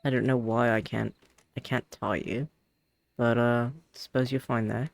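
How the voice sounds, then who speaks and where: A man's voice: mid-range voice, steady tone, measured pace, gravelly, no room sound. A man streaming a game, telling a rambling story in casual chat with lots of restarts.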